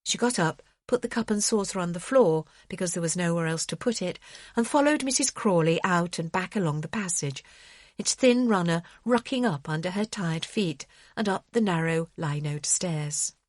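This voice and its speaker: Woman audiobook narrator, lowish voice, lively intonation, dry studio sound. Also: normal speed, no echo. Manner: expressive storytelling.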